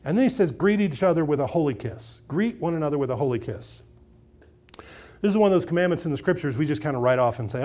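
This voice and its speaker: A middle-aged man preaching a sermon in a conversational way, swinging between loud emphasis and quiet asides, often repeating and restarting phrases. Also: on the high side, lively intonation, quick pace. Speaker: pastor.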